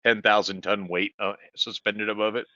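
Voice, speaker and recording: A man's voice: lowish voice, little pitch movement, normal speed, pushed and bright, no echo, dull audio. A man playing a tabletop game in a casual, joking way. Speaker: player.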